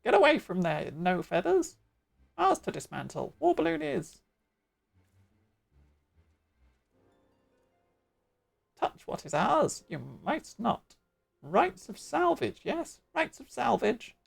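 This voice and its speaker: A woman voices a fierce, proud bird-creature warrior from a fantasy game, speaking live game dialogue in clipped phrases with jumbled word order. Her full character voice is very animated and territorial at a measured pace, jumping around in pitch with a gravelly rasp beneath a squawky edge.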